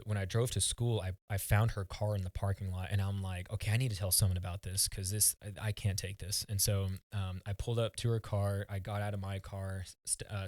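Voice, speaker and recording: As a guest on a podcast, a fairly low-voiced man from the United States recounts a personal story in an earnest, halting way, often starting his words over. The audio is dry and close-miked, without any sense of a room.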